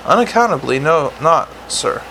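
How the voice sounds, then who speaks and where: Prim deferential manservant done by a man, hushed and proper, slightly high pitch. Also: very animated, moderate pace, creaky, slight background noise, exaggerated voice, low-quality recording. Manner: formal, deferential, quiet. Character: polite, unflappable male butler.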